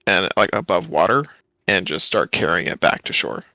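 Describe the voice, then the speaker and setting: Gravelly, bright-voiced man as a relaxed tabletop player. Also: deep voice, moderate pace, no echo, poor audio. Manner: laid-back, terse replies. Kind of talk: casual tabletop play.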